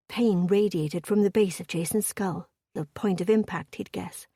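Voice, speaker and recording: A woman narrating a historical romance audiobook in a steady, measured storytelling voice. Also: mid-range voice, breathy edge, no room sound, studio quality.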